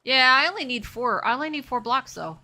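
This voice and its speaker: A woman's voice: high voice, lively intonation, a little fast, bright, forceful tone. A woman streaming a game live, chatting casually with her viewers and talking herself through what she is doing. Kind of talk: casual live-stream chat while playing.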